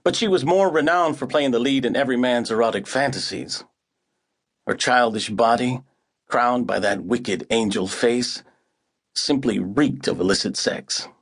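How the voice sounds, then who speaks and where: A man's voice: medium pitch, measured pace. A man narrating an audiobook in the first person, with a wry, hard-boiled delivery.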